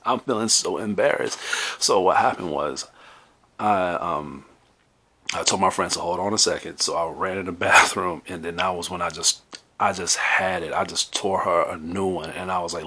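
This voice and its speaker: Low-voiced guy rambling thru a story on his podcast, husky but kinda sharp edge. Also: normal speed. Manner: rambling and conversational, with many restarts and fillers. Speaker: podcast host telling a personal story. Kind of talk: casual storytelling monologue.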